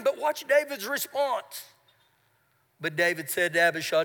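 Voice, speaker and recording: A man preaching live in a church hall, his voice very high for a man and ringing with long reverb. He swings from shouting to hushed, confiding retellings of scripture. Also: lively intonation, moderate pace. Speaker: pastor. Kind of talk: sermon. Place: church sanctuary.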